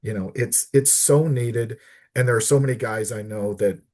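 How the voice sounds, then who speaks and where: A middle-aged man, a podcast guest, telling a personal story earnestly and haltingly, often repeating words as he searches for them. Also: mid-range voice, darkish tone. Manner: earnest, heartfelt. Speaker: podcast guest, disability advocate.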